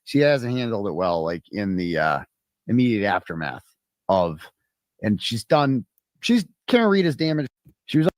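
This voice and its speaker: Male stream host, mid-pitched voice, dry close sound, crude rambling mockery. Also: sing-song, moderate pace, no echo. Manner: crude, profane and mocking, rambling with many restarts. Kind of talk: casual live-stream commentary.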